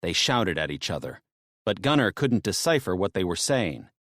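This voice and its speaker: Lively male audiobook narrator, dry sound. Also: normal speed, no echo. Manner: tense storytelling, drops low and soft in grim moments.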